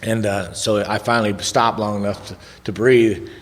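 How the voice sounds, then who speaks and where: A man's voice: on the low side, fairly even intonation, moderate pace. A middle-aged man telling a rambling, folksy recovery story to a room at a recovery event. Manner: folksy, rambling, conversational, drops in "man" and "right?". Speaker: recovery speaker. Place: large hall at a recovery event. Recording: long reverb of a big hall.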